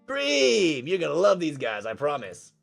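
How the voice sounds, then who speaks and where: A man voicing a friendly, energetic teenage boy who talks in a loud, pally way in a game. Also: mid-range voice, brisk, gravelly, faint music behind, voice pushed up. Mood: chummy. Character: friendly energetic teen boy, chummy bro.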